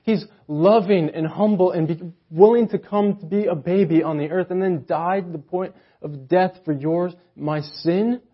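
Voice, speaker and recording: A man preaches a conversational sermon in a chapel, his fairly high voice a little husky. He peppers his talk with "like," going quiet and awed before rising to loud, punchy emphasis. The recording is muffled and lo-fi. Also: normal speed. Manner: chatty, says "like" often, swings between hushed awe and loud emphasis. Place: church chapel.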